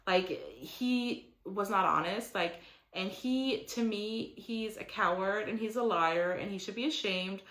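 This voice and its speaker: A woman's voice: medium pitch, unhurried, a bit bright. Chatty opinionated young woman in an echoey room. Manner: chatty and opinionated, heavy use of "like", mocking quotes in character. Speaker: reality TV recap host. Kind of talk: casual recap commentary.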